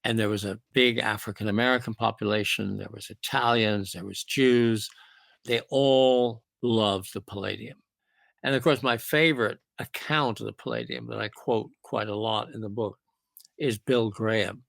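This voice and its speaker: A man's voice: lowish voice, fairly even intonation, normal speed, creaky, fairly bright tone, no echo. A man who is the guest on an interview show, telling stories with eager enthusiasm and piling up examples. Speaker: guest author and music producer. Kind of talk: interview storytelling.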